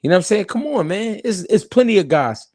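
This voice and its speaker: A man's voice: high voice, fast, no echo, clean studio sound. A man hosting a live-stream boxing talk show, arguing heatedly and talking to his chat. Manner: heated, animated, talks to chat. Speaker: host.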